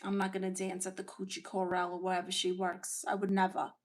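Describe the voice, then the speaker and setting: A woman hosting a comedic livestream as a sassy aunt, brashly teasing her chat with quick comebacks. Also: fairly low pitch, completely flat delivery. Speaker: livestream host reading chat.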